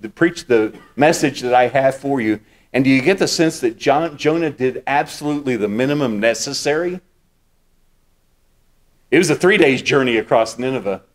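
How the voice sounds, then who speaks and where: Emphatic male pastor preaching a sermon. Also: medium pitch. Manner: emphatic, repeats key words for stress; teaching, explains scripture step by step.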